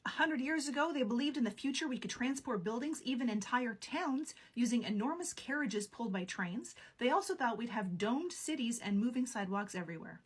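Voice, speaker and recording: Husky, high-voiced woman narrating with wry asides. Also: animated, a little fast, hardly any pauses. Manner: playful, wry. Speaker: video host. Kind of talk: scripted narration with jokey asides.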